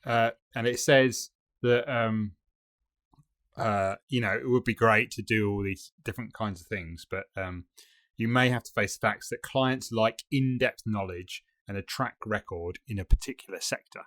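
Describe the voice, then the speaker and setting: A man with a lowish voice chats loosely on a podcast, circling his point through plenty of ums and restarts. The sound is close and dry, with no room around it. He comes across as easygoing and conversational. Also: normal speed, a bit bright, no room sound. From United Kingdom. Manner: rambling, hesitant, filler-heavy. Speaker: podcast co-host. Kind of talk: casual chat.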